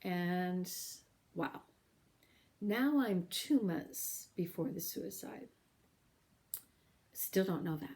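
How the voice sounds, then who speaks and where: A middle-aged woman telling a personal story in an earnest, emotional way, pausing often as she speaks. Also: fairly low pitch, expressive, a little mellow. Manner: earnest, emotional, with halting pauses. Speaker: podcast host sharing her story.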